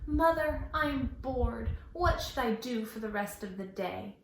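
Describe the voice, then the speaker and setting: Woman voicing a little boy, storybook, high voice, polite and earnest, echoey room. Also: lively intonation, a little slow, creaky, slight background noise. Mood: wondering.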